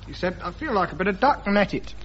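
A man's voice: sits high, sing-song, fast. A man on a radio comedy panel, improvising a silly story with playful giggles. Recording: dull, very noisy old radio recording.

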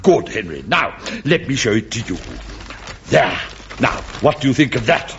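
An actor playing a fussy, flustered bishop in a sitcom, stammering and exclaiming. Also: male voice, medium pitch, sing-song, moderate pace, a bit bright, muffled recording, a little hiss or hum. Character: fussy flustered male bishop, middle-aged. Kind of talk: British sitcom acting.

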